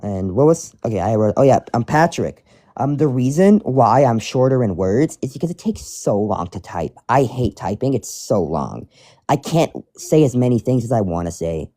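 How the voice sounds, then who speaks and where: A man's voice: mid-range voice, very animated, normal speed, warm tone, no echo, clean studio sound. A man chatting casually while reading fan mail aloud, rambling and restarting his sentences. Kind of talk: casual chat.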